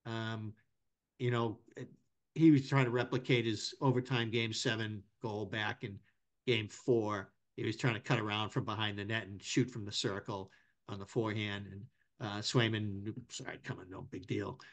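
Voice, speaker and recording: A middle-aged man, a hockey journalist guest on a podcast, chatting casually and telling long rambling anecdotes that turn loud and animated. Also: fairly low pitch, normal speed.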